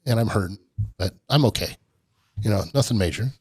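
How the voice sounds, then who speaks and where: A man's voice: lowish voice, fairly quick, darkish tone, husky, dry recording. A middle-aged man, a podcast guest, telling a long rambling story in a casual interview and laughing often. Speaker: podcast guest, off-road park owner.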